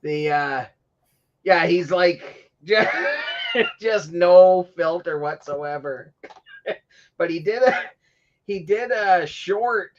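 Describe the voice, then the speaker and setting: A man with a slightly raised pitch hosts a casual livestream chat, drawling his words slowly. He rambles through stories and keeps dissolving into laughter. The audio is dull and lo-fi. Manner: rambling storyteller who laughs often. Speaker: podcast host.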